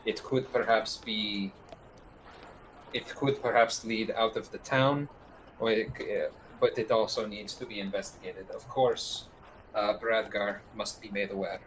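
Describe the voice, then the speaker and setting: Low-voiced man role-playing formally. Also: fairly even intonation, a little slow, a bit bright, a little hiss or hum, rough recording. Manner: formal, hesitant speech with many restarts. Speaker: player. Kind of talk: in-character tabletop role-play.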